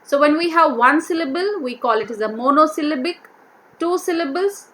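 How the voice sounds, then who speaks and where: A woman teacher going through a vocabulary worksheet, repeating each word and slowly sounding out its syllables. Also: high-pitched, lively intonation, fairly bright tone. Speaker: English teacher.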